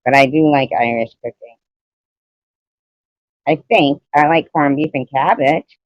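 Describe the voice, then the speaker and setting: Woman streaming on her phone, unhurried rambling chat with viewers, dry close sound. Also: low-pitched, no room sound, lo-fi sound. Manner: rambling, reads out chat comments and greets viewers; laughs often between remarks. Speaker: livestream host. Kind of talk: casual livestream chat.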